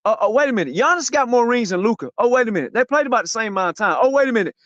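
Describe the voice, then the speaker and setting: Male podcast host, high voice, loud and profane mocking rant, dry lo-fi mic. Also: expressive, rapid-fire, no room sound. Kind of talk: heated podcast sports talk.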